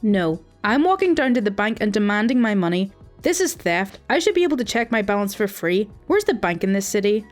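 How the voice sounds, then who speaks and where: A woman's voice: mid-range voice, big pitch swings, brisk, soft background music, close to an everyday voice. Woman voicing a stubborn elderly man caller. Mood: angry. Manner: indignant, stubborn and accusing. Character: grumpy elderly man calling his bank. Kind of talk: storytime reading.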